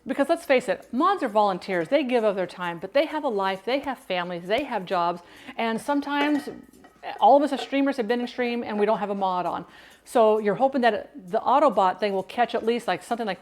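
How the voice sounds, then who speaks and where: Bubbly, chatty woman streaming a cooking show. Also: on the high side. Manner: chatty, bubbly greetings to viewers, rambling with restarts. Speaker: food and drink streamer. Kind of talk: live cooking stream chat. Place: home kitchen. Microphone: clip-on mic.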